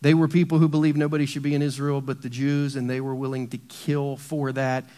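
A middle-aged man preaching a sermon in a church, swinging between hushed low emphasis and loud bursts. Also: level tone, fairly quick. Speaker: pastor.

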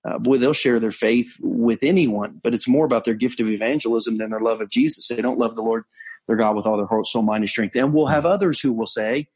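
A man, a pastor, telling a story in a conversational sermon, earnest, slowing down to stress key points. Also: medium pitch, darkish tone, slightly rough. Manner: earnest storytelling, frequent restarts and slowed emphasis. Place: on location abroad.

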